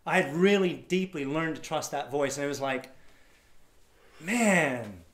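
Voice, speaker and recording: Animated man telling a story. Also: fairly high pitch, fairly quick. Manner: acts out voices of others, laughs often. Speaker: speaker telling a story to an audience. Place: event hall before a live audience.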